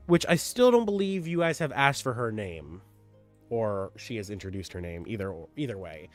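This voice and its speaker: A man in a lowish voice hosts a livestreamed tabletop session as dungeon master, greeting chat and recapping events in an animated, rambling, repetitive way. He speaks at a moderate pace; the recording is dry, with faint music behind him.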